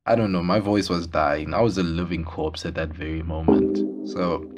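Deep-voiced rambling young male podcaster. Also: steady tone, normal speed, over loud music. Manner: rambling, repeats words, self-mocking. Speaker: podcast host. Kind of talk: casual solo podcast talk.

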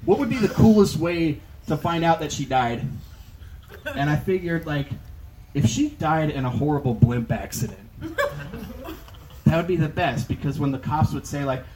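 Young guy doing standup into a handheld mic, kinda high voice, lots of "like"s, light background noise. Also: expressive, unhurried, pauses often. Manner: rambling, filler-heavy delivery with many "like"s. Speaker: stand-up comedian. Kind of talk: stand-up comedy set.

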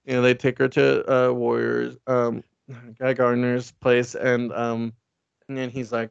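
Gravelly man rambling through a comic recap. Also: mid-range voice, monotone, unhurried, no echo, muffled recording. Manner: rambling, frequent fillers, profane. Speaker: podcast co-host. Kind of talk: casual comedic comic book recap.

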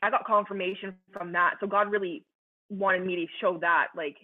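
A woman's voice: medium pitch, steady tone, moderate pace. Young woman telling her faith story, all heart and fervor, lots of "like" and "you know", sounds like it's over a phone line. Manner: earnest and fervent, heavy use of "like" and "you know". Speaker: person sharing her faith testimony. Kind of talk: emotional personal testimony.

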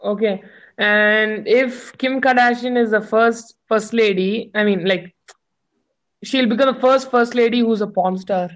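A man's voice: high-pitched, steady tone, unhurried, a bit bright. A man chatting casually with friends, teasing and explaining things to them. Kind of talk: casual chat.

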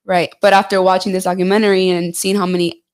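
A woman's voice: medium pitch, flat delivery, fast talker. A young woman guest with a stuffy nose from a cold, chatting in an easygoing way. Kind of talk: casual chat.

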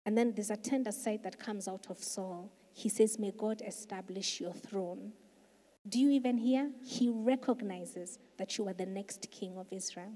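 A woman's voice: mid-range voice, moderate pace, few pauses. Woman pastor preaching in an echoing hall. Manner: emphatic storytelling, swelling louder for key points. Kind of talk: sermon. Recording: long reverb of a large hall.

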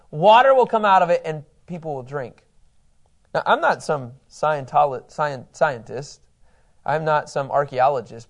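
A man teaching a Bible study in a conversational, enthusiastic way, acting out quotes. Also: a little high.

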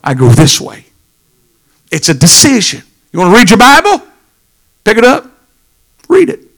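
A pastor preaching a sermon, swinging from low murmurs to shouted lines. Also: male voice, huge pitch swings, measured pace, long pauses.

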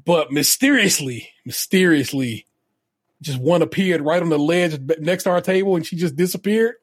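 A man's voice: high voice, brisk, a little mellow, husky, no echo, studio quality. A man co-hosting a podcast, telling stories in a laid-back, casual way with some profanity. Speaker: podcast co-host. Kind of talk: casual chat.

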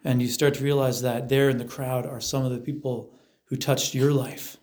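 A man leading a guided meditation in a relaxed, conversational way, telling the scene vividly and acting out the chants and voices of a crowd. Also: mid-range voice, moderate pace.

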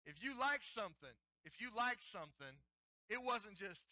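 A man's voice: high-pitched, animated, a little fast, bright, forceful tone, no echo. A middle-aged man preaching a sermon as a pastor, playful and joking, coaxing the congregation to join in. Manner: playful, jokey, coaxes audience to join in. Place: church hall.

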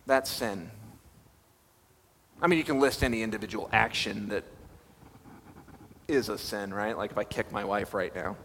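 A man's voice: mid-range voice, a bit bright, slight background noise. A young male pastor giving a conversational, self-deprecating sermon and putting questions to his listeners. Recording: reverberant hall with faint ambience.

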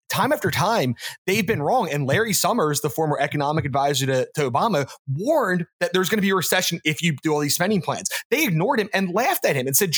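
Male podcast co-host, casual political chat, emphatic and repetitive, quick with a husky tone. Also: fairly high pitch, expressive, a bit bright. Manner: emphatic, repeats words while building his argument.

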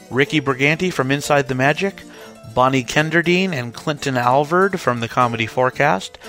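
Man reading credits over soft music. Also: medium pitch. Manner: brisk listing of names. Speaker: podcast host. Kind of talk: reading thank-you credits.

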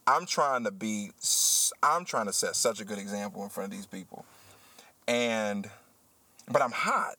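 A man who works as a teacher, hosting a casual podcast chat and telling a story with animated, heated energy. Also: fairly low pitch, normal speed, no room sound. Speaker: podcast host.

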